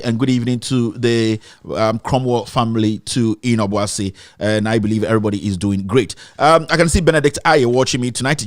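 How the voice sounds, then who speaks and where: A man's voice: mid-range voice, dry recording, studio quality. A Ghanaian man hosting an online live show, greeting viewers by name, then ranting animatedly in a mix of English and Twi. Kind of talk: casual live-stream commentary.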